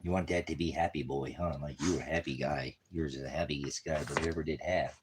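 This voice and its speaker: A man chatting casually to his viewers, rambling with fillers, sometimes cooing at his dogs in a high sing-song voice. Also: fairly even intonation, fairly quick, hardly any pauses, a little hiss or hum. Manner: rambling, with many fillers and restarts. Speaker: vlogger. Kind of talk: casual talk to camera.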